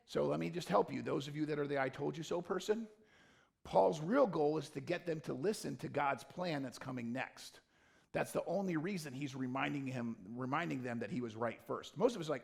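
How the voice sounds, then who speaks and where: Gravelly-voiced pastor preaching with animated swings. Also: male voice, a little fast. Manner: animated, swings from loud emphatic to low quiet. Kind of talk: sermon. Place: church stage or studio.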